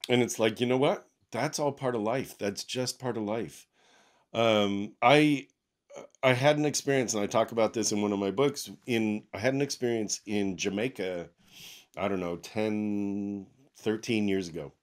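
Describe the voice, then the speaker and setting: A man speaking as a guest in a casual podcast interview, telling animated stories with laughs at a desk microphone in his home office. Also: fairly low pitch, normal speed. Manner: animated storyteller with frequent laughs and quoted voices.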